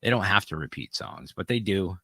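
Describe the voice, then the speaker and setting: Sarcastic man with a lively, swooping voice. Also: sits low, a little fast, no echo. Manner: sarcastic, profane, mocking. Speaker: podcast co-host. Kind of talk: casual chat.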